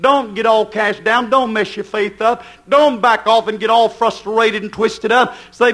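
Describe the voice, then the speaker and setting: A middle-aged man preaching a fervent sermon, swinging from quick asides to slow, shouted declarations. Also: high-pitched, fairly even intonation.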